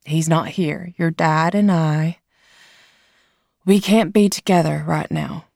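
A woman voicing a weary, gentle mother. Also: sits low, fairly even intonation, takes it slowly, creaky, no room sound, studio quality, full character voice. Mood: earnest.

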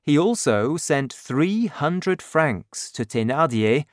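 A male narrator reads a book chapter slowly and clearly. His pitch moves expressively. The recording is close and dry. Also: very animated, dry recording. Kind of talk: scripted audiobook narration.

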